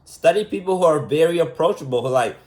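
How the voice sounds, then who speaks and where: A man's voice: a little high, expressive, quick pace, darkish tone. A man giving a casual, unscripted monologue lesson as a vlogger, rambling and emphatic, repeating himself and asking rhetorical questions.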